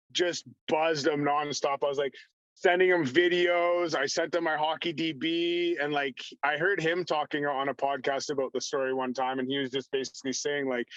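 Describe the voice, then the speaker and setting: A man's voice: fairly high pitch, fairly bright tone, no echo. A young man and former hockey player, a podcast guest, telling a story in casual interview chat, rambling and saying "like" constantly. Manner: rambling, heavy use of "like". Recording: dull lo-fi audio.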